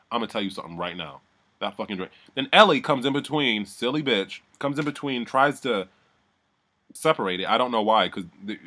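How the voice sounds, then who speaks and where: Fired up and swearing, a man recaps a reality show in a casual rant, doing impressions of the people involved as he talks animatedly. His voice sits fairly low and sounds pushed and bright.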